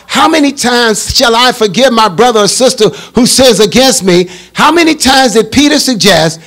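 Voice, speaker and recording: A man, a bishop, leading a Bible study in a call-and-response preaching style that rises to shouts. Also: sits high.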